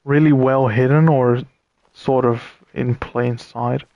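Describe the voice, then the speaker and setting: A man streaming a puzzle game, thinking aloud with pauses and chatting to viewers, tired and yawning. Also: medium pitch, fairly even intonation, no room sound, lo-fi sound. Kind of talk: casual let's-play commentary.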